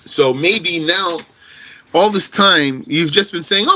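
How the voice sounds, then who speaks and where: A man teaching an Arabic grammar class in English, explaining terms slowly, repeating key phrases and quizzing his students. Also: on the high side, bright, forceful tone, rough recording.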